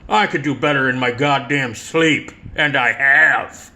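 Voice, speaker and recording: A man voicing a cocky, combative male club DJ who shouts indignantly and swears a lot. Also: mid-range voice, a little slow. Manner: loud, profane, indignant shouting.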